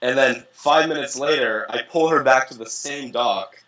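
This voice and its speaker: Telling casual stories full of profanity, a young man being interviewed as a dating coach animatedly imitates the voices of those he quotes. His medium-pitched voice moves at a moderate pace over poor audio.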